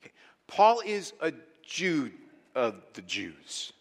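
A man preaching a sermon as pastor, animated and emphatic, dropping to hushed lines and rising to loud ones. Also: medium pitch, normal speed. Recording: long hall reverb.

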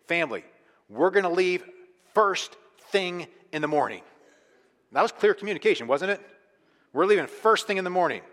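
A man in a church with a fairly high voice preaches his sermon, chatty and emphatic, sometimes sinking to a hushed, intense tone. His voice rings out with a long reverb in the large hall. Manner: conversational, emphatic, drops to quiet intensity. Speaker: pastor.

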